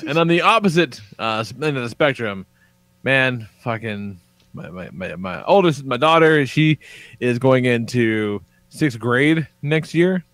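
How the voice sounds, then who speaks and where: A man in his thirties, co-hosting a podcast in casual chat, telling stories in a profane, animated way. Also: mid-range voice, a little slow, dry recording. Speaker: podcast co-host.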